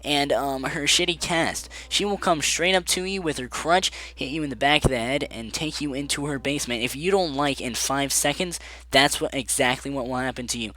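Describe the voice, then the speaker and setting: Male vlogger, sarcastic and animated, telling a school story with a bright, forward tone. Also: mid-range voice, normal speed. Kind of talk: casual storytime vlog.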